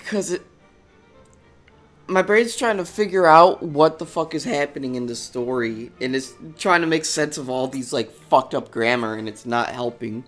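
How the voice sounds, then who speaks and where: A man's voice: mid-range voice, expressive, normal speed, a bit bright, soft background music. A man co-hosting a comedy show who reads fan fiction aloud, stumbles over words and swears often. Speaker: podcast co-host reading fan fiction. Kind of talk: casual comedic reading.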